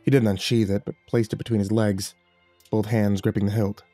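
A man reading a horror story aloud in steady, measured scripted narration. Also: fairly low pitch, no echo. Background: faint background music.

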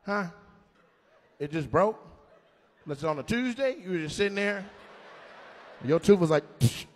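A man doing live stand-up crowd work, teasing audience members in an animated way with loud bursts. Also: sits high, moderate pace. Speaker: stand-up comedian.

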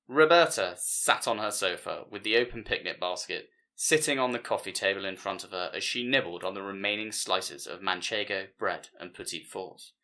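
A man reading a literary short story aloud in measured narration, starting each phrase higher and letting it fall softly at the end. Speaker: story reader.

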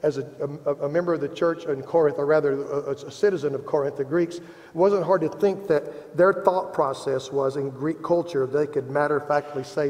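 Preaching as pastor in a church sanctuary, a man with a Midwestern American accent sounds earnest and self-deprecating, building emphasis as he drives a point home. His voice is on the high side, steady, a little mellow and at normal speed, with long hall reverb on the recording.

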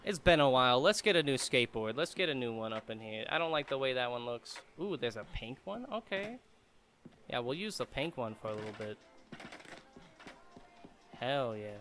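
A man's voice: mid-range voice, lively intonation, moderate pace, a bit bright, a little hiss or hum. A man giving casual, joking let's-play commentary, chatty and laughing often. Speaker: gamer streamer.

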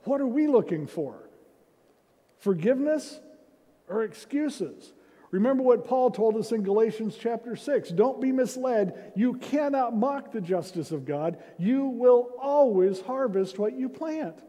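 A man's voice: very high voice, lively intonation, measured pace, mellow. A man preaching a sermon as senior pastor, in a conversational way with self-deprecating humor, recorded in a church sanctuary. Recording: reverberant church hall.

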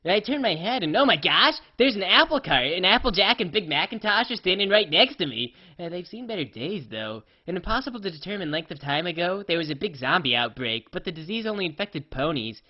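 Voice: medium pitch, sing-song, fairly quick, few pauses. A performer voicing a scatterbrained, cheerfully oblivious female pony who tells her story in the first person, rambling and offhand, full of "uh" and "like", on a slightly dull lo-fi recording.

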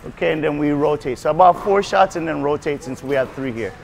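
Male tennis coach, high voice, brisk repetitive cues and praise, faint court noise behind. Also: gravelly. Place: tennis court at a racquet club.

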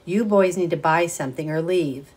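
A petty, sharp-faced store manager, put on by a woman reading aloud, snaps out short, scolding orders. The voice sits low and pushes louder and harder than the narration around it, all storybook sternness. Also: moderate pace, husky. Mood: stern scolding. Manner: curt, scolding.

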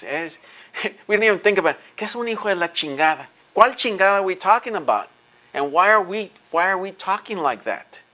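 Sitting high with a sharp tone, a man delivers an impassioned lecture. He is intense and emphatic, blunt and profane, and often repeats words as he presses his points.

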